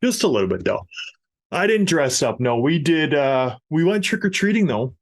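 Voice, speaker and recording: A middle-aged man hosting a podcast, telling a family story in a casual, animated way with laughs. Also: on the high side, moderate pace. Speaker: podcast host.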